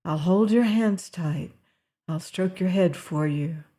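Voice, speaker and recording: A woman reading the part of a gentle, strong man who soothes a fevered girl in a low, monotonous, half sing-song croon. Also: slow pace. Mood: tender. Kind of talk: audiobook character reading.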